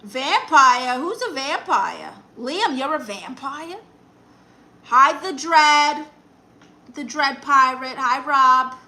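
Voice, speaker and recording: A woman's voice: high voice, animated, slow, bright, forceful tone, low-quality recording. A woman comedian hosting a casual live stream, reading viewer comments in a sassy, teasing, chatty way. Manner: breaks into exaggerated put-on quote voices.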